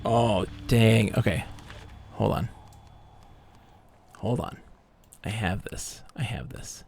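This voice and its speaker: Male streamer, low gravelly voice, muttered live gameplay commentary with item text read aloud. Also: slow, soft background music.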